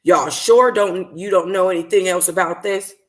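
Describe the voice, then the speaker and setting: A woman's voice: fairly low pitch, normal speed, close to an everyday voice. Woman as a sarcastic, stern policewoman. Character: suspicious female police officer, sarcastic.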